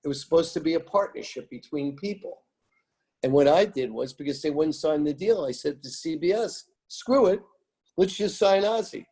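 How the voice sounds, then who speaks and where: In an animated interview, an American man tells stories about the music business, speaking emphatically, rambling, and repeating his phrases. His voice is husky and warm, pitched on the high side, and a little fast.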